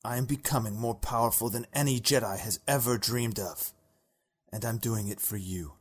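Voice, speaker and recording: A man voicing a desperate young dark warrior in a voice audition. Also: medium pitch, moderate pace, close to an everyday voice. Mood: pleading. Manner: pleading turning to shouting. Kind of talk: voice audition reading.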